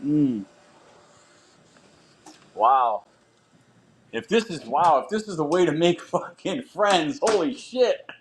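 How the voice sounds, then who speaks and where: A man's voice: on the high side, animated, takes it slowly, pauses often, a little hiss or hum. A man calling into a talk show, defensive and exasperated, swearing as he pushes back. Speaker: caller. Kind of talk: heated call-in argument.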